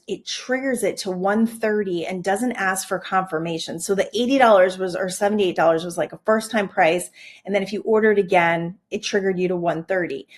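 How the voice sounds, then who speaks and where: Chatty woman podcast host telling stories. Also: mid-range voice. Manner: chatty, animated, many "like" fillers and quoted asides. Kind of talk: casual storytelling monologue.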